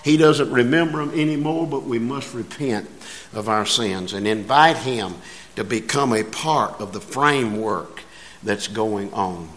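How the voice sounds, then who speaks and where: A man's voice: mid-range voice, unhurried, fairly bright tone. A man preaching a sermon in a folksy way, building to emphatic passages.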